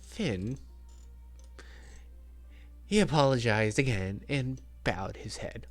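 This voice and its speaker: A sarcastic man commentating on a game, swearing freely in casual chat. His pitch moves in a lively way. The sound is dry, with faint game music underneath. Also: slow, no echo. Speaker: let's play host.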